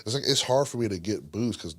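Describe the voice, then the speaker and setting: A man guesting on a podcast interview, telling animated stories with lots of swearing, his voice jumping up when he gets excited. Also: lowish voice, quick pace. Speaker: guest wrestler.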